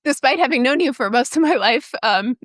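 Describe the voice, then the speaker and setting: A woman's voice: high voice, expressive, brisk, no echo, clean studio sound. A woman hosting a podcast interview, responding with sympathy and short affirmations. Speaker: podcast host. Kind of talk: interview conversation.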